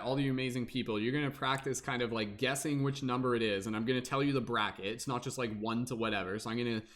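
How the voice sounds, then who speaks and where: A man's voice: mid-range voice, fairly bright tone. A young man hosting a livestream, talking in a casual, upbeat way and addressing the chat. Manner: upbeat, chatty, many fillers, laughs often. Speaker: livestream host.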